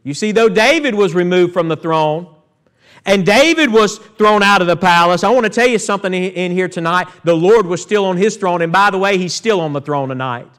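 A pastor in a church sanctuary preaches a sermon, reading from Scripture and calling out to the congregation. His voice is high, expressive and fairly bright, and he speaks a little fast.

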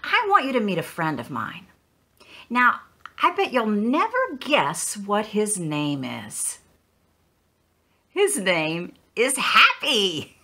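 A woman pastor telling a children's story in an animated, sing-song storytelling manner, with a gravelly edge. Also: mid-range voice, slow, pauses often.

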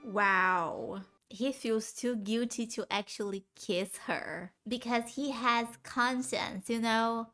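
A woman's voice: a little high, slow pace, bright, forceful tone. A woman reacting to a TV drama, emotional and gushing, cursing freely in casual commentary.

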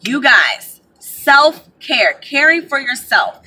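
A woman giving casual spiritual advice to her viewers, chatty and animated, calling them y'all, recorded on a camera mic. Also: sits high, takes it slowly, noisy background. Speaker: spiritual advisor.

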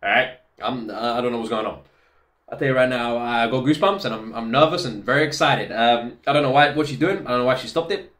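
A woman hosting a reaction video from her home office, talking casually and excitedly, exclaiming and laughing often. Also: rumbling low, fast.

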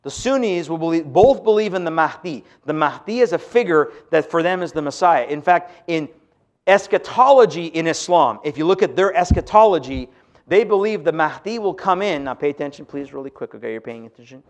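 A man's voice: on the high side, expressive, normal speed. A man giving an emphatic sermon-style lecture to an audience, asking rhetorical questions. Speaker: speaker on religion.

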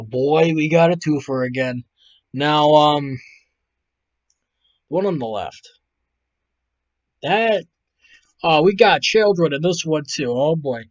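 A man's voice: a little high, no room sound. A man hosting a video, rambling and swearing his way through casual reaction commentary, sounding tired. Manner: profane, rambling, laughs a lot. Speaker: video host reacting to photos. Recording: dull lo-fi, dry.

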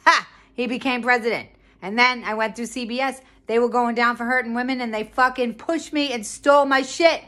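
A woman's voice: on the high side, fairly even intonation, brisk, a bit bright. A woman on a profane, sarcastic rant to camera, indignant and hammering her points home by repeating them. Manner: sarcastic, indignant, swears often; repeats phrases for emphasis.

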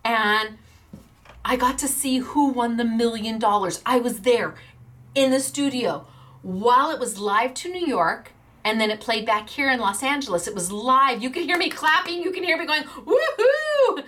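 A woman's voice: a little high, moderate pace. Bubbly, laughing woman host. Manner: bubbly, laughs often, excited. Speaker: craft shop owner and video host. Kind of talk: chatty product video.

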